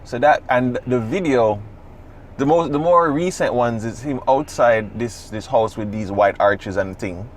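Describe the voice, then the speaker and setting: A man, co-hosting a podcast in casual chat, talking in an animated, profane, rambling way. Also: mid-range voice, unhurried, slight background noise. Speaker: podcast co-host.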